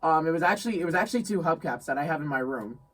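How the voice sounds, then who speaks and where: A young man from New York telling a story in casual chat, animated, laughing often and repeating phrases. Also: fairly high pitch, racing, distant mic, poor audio. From New York State. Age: young adult. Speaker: guest friend.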